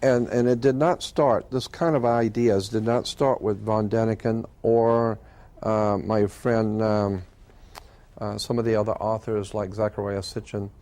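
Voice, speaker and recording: An older man telling a personal story as an interview guest, earnest and halting, with frequent fillers and restarts. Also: lowish voice, flat delivery, darkish tone.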